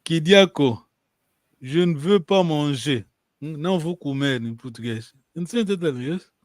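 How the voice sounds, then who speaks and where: A man's voice: fairly high pitch, expressive, normal speed, no room sound. A man teaching a language lesson over a video call, patiently repeating and checking that his students follow.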